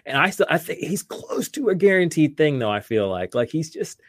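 A man's voice: fairly high pitch, very animated, moderate pace, dry recording, studio quality. A man hosting a fantasy football podcast, talking casually and animatedly, with lots of fillers and restarts. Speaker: podcast host.

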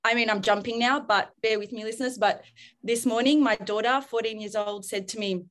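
Animated parenting expert, woman. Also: fairly high pitch, fairly quick. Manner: animated, acts out parent and child dialogue. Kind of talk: podcast conversation, advising.

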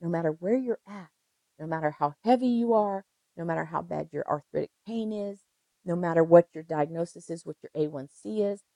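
A woman's voice: lowish voice, a little fast, dark tone, dry recording, poor audio. An older woman, a registered nurse, telling stories emphatically in an interview and repeating phrases for effect. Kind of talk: conversational interview.

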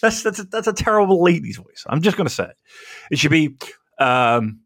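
A man's voice: fairly high pitch, big pitch swings, fairly quick, fairly bright tone. A man co-hosting a casual comedy podcast, rambling, swearing freely and laughing at his own jokes. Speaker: podcast co-host.

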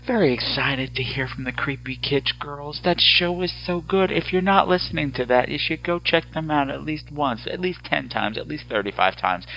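A man's voice: mid-range voice, pushed and bright, dull audio. A man hosting a podcast, answering listener voicemails with sarcastic, joking rants. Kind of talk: casual podcast chat.

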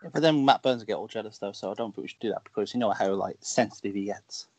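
Brief: Black Country man, wrestler guest in casual podcast chat, animated storyteller, dry close sound. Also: on the low side, fast, dry recording. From Dudley, Black Country, England. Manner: animated storyteller, acts out quoted lines.

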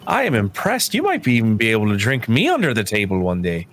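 A man's voice: fairly low pitch, wildly swooping pitch, fast, a bit bright, full character voice. A man voicing a wild red-haired elf woman who drinks hard and talks bluntly, in a tabletop game. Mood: teasing. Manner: brash, teasing.

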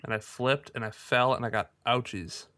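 A man's voice: medium pitch, steady tone, moderate pace, sharp tone, no room sound. A man co-hosting a podcast, chatting casually with self-mocking anecdotes. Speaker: podcast co-host. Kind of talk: casual chat.

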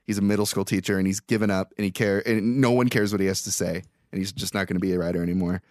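A man's voice: low-pitched, flat delivery, darkish tone, dry recording, studio quality. A young man co-hosting a podcast, recapping a film in casual, exasperated, profanity-laced storytelling. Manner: profane, exasperated storytelling with quick quoted asides. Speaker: podcast co-host.

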